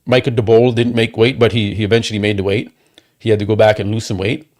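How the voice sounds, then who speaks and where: A man's voice: lowish voice, little pitch movement, darkish tone. A man hosting a livestream, ranting angrily with heavy swearing and repeated rhetorical questions. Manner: profane, heated, rapid repetitions and rhetorical questions. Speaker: livestream host. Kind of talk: angry watchalong rant.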